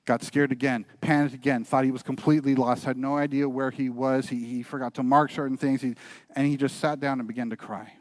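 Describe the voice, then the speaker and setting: A man's voice: medium pitch, flat delivery, a little fast, no echo. A male pastor preaching a sermon, telling a story and urging his listeners earnestly. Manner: storytelling, building to earnest, quieter exhortation. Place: church.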